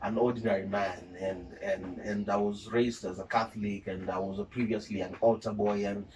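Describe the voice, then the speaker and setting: A man with a Kenyan accent, a journalist guest chatting casually and telling animated stories, slipping between English and Swahili. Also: fairly low pitch, moderate pace, far from the mic, background noise. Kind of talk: casual interview chat.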